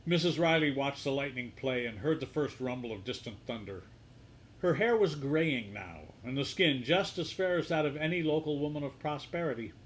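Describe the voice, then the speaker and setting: A man reading a story aloud in a measured, hushed storybook style, softening his voice for the quoted lines. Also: mid-range voice, lively intonation, slight background noise, poor audio.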